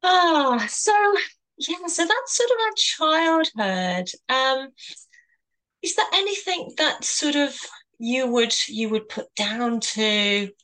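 A middle-aged woman from England co-hosting a podcast, speaking in a gentle, reflective way and often trailing off into restarts as she chats casually about spiritual experiences. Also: high voice, sing-song, slow pace, low-quality recording. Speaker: podcast co-host.

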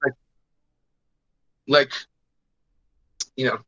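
Young guy podcast host rambling thru a story, lots of um and like, bright tone, lo-fi dull sound. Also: very slow. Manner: rambling with fillers, acts out voices. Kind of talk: casual storytelling.

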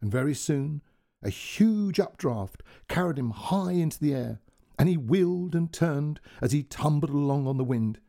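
A man narrating a gentle storybook tale in a soft, expressive way. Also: a little high, a little slow, creaky.

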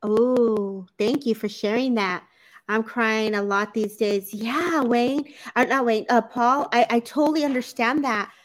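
A woman's voice: a little high, measured pace. A woman hosting a live psychic chat on a video call, talking in an effusive, gushing and emotional way. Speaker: psychic medium, live-stream host. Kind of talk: casual live-stream chat.

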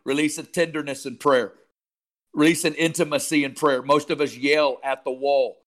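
A man leads a group in charismatic prayer, his voice fervent and insistent. Surges of loud exclamation give way to low, murmured tongues, all on a fairly level, unvaried pitch. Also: steady tone, moderate pace. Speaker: prayer leader.

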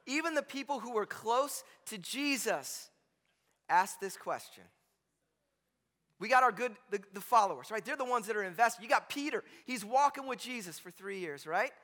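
High, bright-voiced pastor preaching in a hall. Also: male voice, animated, moderate pace. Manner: conversational and joking, constantly checks in with "right?". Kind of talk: sermon. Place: church sanctuary with a congregation. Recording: long reverb from a large hall.

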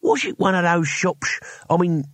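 A man voicing a gruff, wiry old male barbarian, speaking in a slow, drawn-out way. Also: high-pitched, lively intonation, fairly bright tone, no echo, pitched above the performer's own voice. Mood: suspicious.

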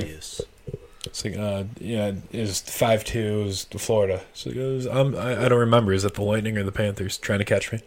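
A man's voice: fairly low pitch, steady tone, moderate pace. A man telling a long story in casual chat on a podcast, swearing freely and acting out both sides of a traffic stop. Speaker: podcast guest.

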